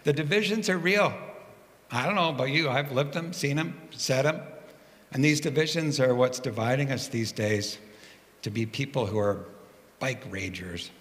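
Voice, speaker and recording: A male pastor giving a sermon, moving from quiet prayer to relaxed, humorous storytelling. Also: mid-range voice, normal speed, long reverb tail. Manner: conversational storytelling with gentle humor.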